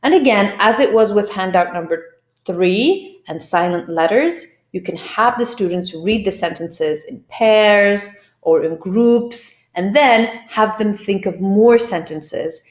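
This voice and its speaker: A woman teaching English pronunciation, explaining clearly and drilling words by repeating them. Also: mid-range voice, takes it slowly. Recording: roomy echo.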